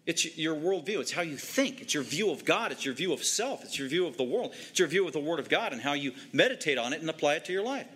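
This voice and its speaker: A man's voice: fairly high pitch, expressive, fast, hardly any pauses, a bit bright, slightly rough. A man preaching a sermon, emphatic and repetitive, driving home short commands. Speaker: pastor.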